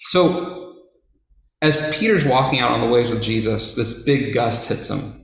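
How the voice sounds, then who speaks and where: A man's voice: medium pitch, lively intonation, measured pace, gravelly. Casual man retelling a Bible story. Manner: casual, conversational, with fillers and asides. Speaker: Bible teacher. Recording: very echoey room.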